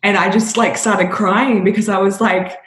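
A woman guest telling her story in a casual interview, animated, laughing often, her voice rising when she gets excited. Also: mid-range voice, moderate pace. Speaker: podcast guest. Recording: echoey room.

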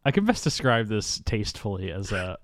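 A man's voice: lowish voice, very animated, brisk, dry recording. A young man co-hosting a podcast, retelling a film scene by scene in a loose, rambling way full of fillers. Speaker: podcast co-host. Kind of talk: casual movie recap chat.

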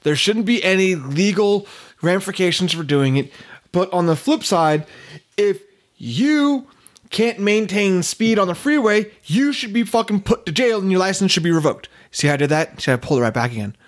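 High-voiced man, wry and ranting. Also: lively intonation, moderate pace. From United States. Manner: wry, ranting, self-mocking. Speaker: podcast co-host. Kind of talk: casual podcast chat.

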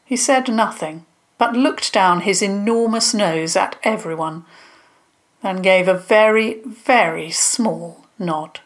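Slow, gentle woman storyteller. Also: mid-range voice. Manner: gentle, unhurried narration. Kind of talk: children's storybook reading.

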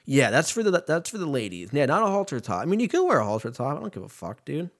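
A man's voice: a little high, wildly swooping pitch, fast talker. A man hosting a podcast, rambling casually and profanely from one tangent to the next. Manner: loose, profane, jumps between tangents. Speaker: podcast host.

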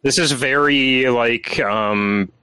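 A man co-hosting a podcast, talking through a trailer in a measured, analytical way. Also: mid-range voice, pushed and bright, clear, resonant tone, dry recording, low-quality recording. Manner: measured, analytical, many fillers. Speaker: podcast co-host. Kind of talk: casual chat.

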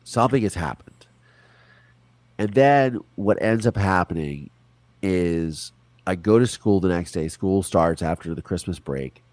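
A man in his forties, an interview guest, telling a personal story in a casual, animated way, acting out other people's lines. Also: low voice, measured pace, no echo. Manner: animated, quotes people in put-on voices, swears.

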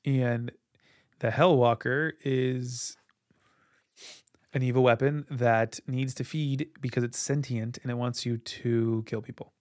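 A man hosts a casual podcast and tells long stories in a rambling way, full of fillers and restarts. His pitch sits in the middle range. The recording is dry, with no room sound. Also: steady tone, slow pace, darkish tone, dry recording. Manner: rambling, filler-heavy storytelling. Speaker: podcast host. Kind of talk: casual chat.

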